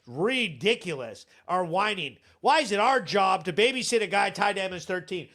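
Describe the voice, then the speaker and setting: A man's voice: high-pitched, lively intonation, normal speed, vocal fry, few pauses, fairly bright tone. A man hosting a live show, ranting bluntly and sarcastically in casual commentary, swearing freely. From Vermont.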